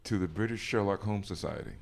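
A man's voice: lowish voice, brisk, vocal fry, a little mellow. A man from Mississippi, telling stories in a casual chat, laughing often and acting out voices. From Jackson, Mississippi, USA.

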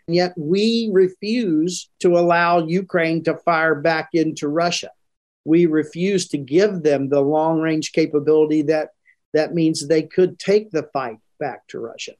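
An older man speaks with earnest conviction as a former commander in a broadcast interview. His voice sits a little high for a man. He slows down and leans hard on the words he wants to land. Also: a little mellow. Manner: earnest, emphatic, slows down to stress points. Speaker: interview guest, retired military commander.

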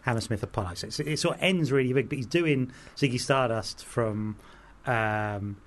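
A man's voice: mid-range voice, moderate pace. A man in casual chat, telling a long anecdote with many fillers and acting out the voices in it.

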